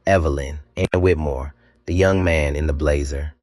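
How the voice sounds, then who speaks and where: A man narrating a dramatic scripted story, measured and slow, with deliberate pauses. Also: a bass voice, fairly even intonation, a little mellow, no room sound, studio quality.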